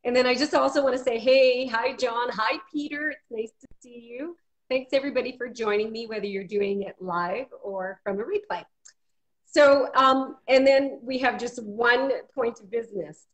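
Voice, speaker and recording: A woman's voice: a little high, moderate pace, poor audio. A woman from Maine, a guest on a live video call interview, chatty and greeting viewers by name. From Maine, USA.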